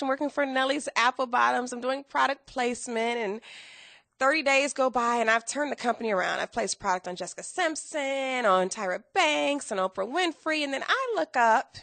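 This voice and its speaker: Woman in her 30s telling her story on a podcast, lively, kinda high and gravelly. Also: dry recording. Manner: animated, acts out quoted dialogue with laughs. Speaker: interview guest, entrepreneur. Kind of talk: casual storytelling interview.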